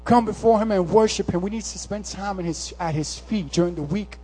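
A man preaching a sermon, swinging from impassioned, near-shouted calls to hushed, conversational storytelling. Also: high voice, fairly quick, husky. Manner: impassioned, rising to near-shouts, then softening to a hush; casual, conversational storytelling with slang.

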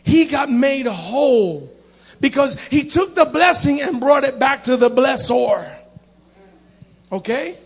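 A male preacher delivering a lively sermon with a strikingly high voice. His tone is husky and gravelly, with a little rasp. He acts out the voices in his stories and keeps calling out to his listeners. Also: slow. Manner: animated, acts out voices, calls to the congregation.

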